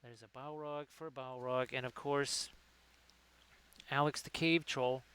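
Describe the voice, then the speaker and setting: A man's voice: mid-range voice, steady tone, a little slow, fairly bright tone, clear, resonant tone, rough recording. A man hosting a casual livestream who rambles and reads chat messages aloud. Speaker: livestream host. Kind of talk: casual chat while painting.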